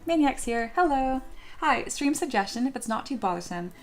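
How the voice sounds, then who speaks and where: A woman's voice: high-pitched, expressive, moderate pace, soft background music. Chatty woman live-streaming a sculpting tutorial. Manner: chatty, jokey, reads chat aloud.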